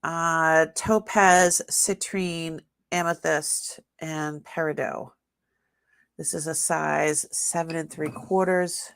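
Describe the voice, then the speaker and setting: A woman's voice: sits low, fairly even intonation, slow, gravelly, fairly bright tone, clear, resonant tone, no echo, studio quality. An older woman hosting a live jewelry sale, chatting casually and laughing often. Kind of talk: casual live-stream selling.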